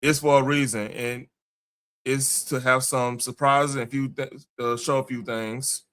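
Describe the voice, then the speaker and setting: A man's voice: mid-range voice, little pitch movement, unhurried, a bit bright, clear, resonant tone. A man hosting a casual podcast, chatting loosely with slangy phrasing and frequent restarts. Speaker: podcast host. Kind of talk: casual chat.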